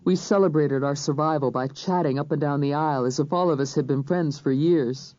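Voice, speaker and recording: An audiobook narrator reading a crime thriller in first person, measured and even. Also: mid-range voice, dry recording. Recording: dull, dry studio recording.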